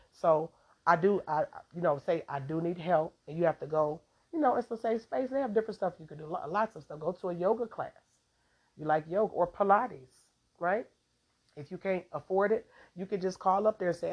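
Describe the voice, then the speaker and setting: A woman hosting a podcast, giving a casual, rambling devotional talk and laughing often, on a dull lo-fi recording. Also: low-pitched.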